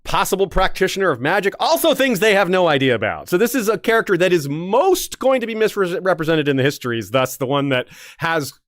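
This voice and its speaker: A man in casual conversation whose pitch swings up and down as he talks. He rambles a bit, restarting phrases and laughing often. The sound is dry and close to the mic. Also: big pitch swings, fairly quick, few pauses, fairly bright tone, dry recording. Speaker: podcast co-host. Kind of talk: casual discussion.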